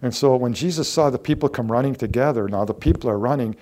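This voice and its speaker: This pastor talks fast in a medium-pitched voice, preaching his sermon with earnest emphasis. He drops into soft asides, climbs to loud declarations, and repeats words often to underline them.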